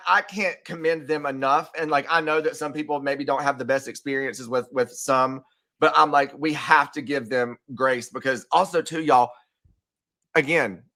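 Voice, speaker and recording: A man with a bright, forward tone talking in a loose, rambling way. He starts sentences over and over, piles up fillers and tells his story in lively bursts. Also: on the high side, moderate pace. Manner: rambling, animated storytelling with many fillers and restarts. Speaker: podcast guest. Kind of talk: casual chat.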